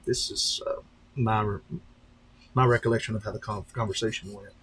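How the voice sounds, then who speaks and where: A man hosting a casual live stream, rambling along with many fillers and restarts and slipping into lively voices when he retells a story. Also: fairly low pitch, moderate pace, slight background noise, low-quality recording. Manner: breaks into animated voices when retelling stories. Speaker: channel host on a live stream.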